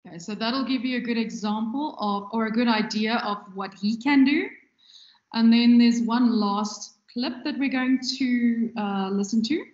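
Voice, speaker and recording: A woman lecturing casually, pausing on frequent ums. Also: fairly high pitch, darkish tone. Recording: echoey room, dull lo-fi sound.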